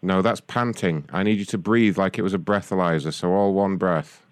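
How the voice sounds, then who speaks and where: Deadpan low-voiced man on a prank call. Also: normal speed, low-quality recording. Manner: deadpan, mock-official phone manner. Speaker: prank caller.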